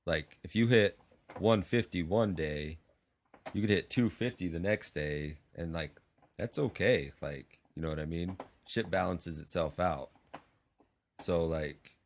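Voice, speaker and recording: A man co-hosting a fitness podcast, chatting in a relaxed, agreeable way and backing others up with short affirmations. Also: low voice, a little hiss or hum. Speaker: podcast co-host. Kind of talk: casual chat.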